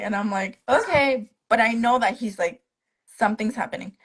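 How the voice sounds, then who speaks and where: A young woman talks into her phone on a live stream in a medium-pitched voice. She tells her story casually and keeps acting out what the other people said. Her delivery is chatty and full of quoted dialogue. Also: moderate pace, poor audio. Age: young adult. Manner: animated retelling that acts out the other people's quoted lines. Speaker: guest, stroke survivor. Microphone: phone on a live video stream.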